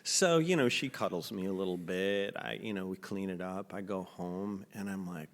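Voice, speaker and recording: A man who is a guest on a casual podcast. He tells a story in a blunt, animated way. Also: deep voice, moderate pace, in a large hall. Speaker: artist guest. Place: studio.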